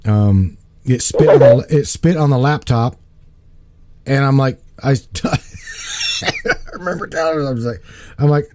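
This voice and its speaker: A man telling a story in a casual chat, animated, often repeating words and acting out the lines of the people in it. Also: mid-range voice, unhurried, pauses often. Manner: animated, repeats words, acts out quoted dialogue. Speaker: guest telling of spiritual work.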